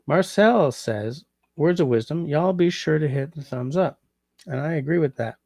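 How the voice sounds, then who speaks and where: Man, livestream host, casual chat, reads out comments, muses over French phrases, gravelly voice, dry close sound. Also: a little high, normal speed, darkish tone, no echo. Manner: muses aloud, trying out French translations.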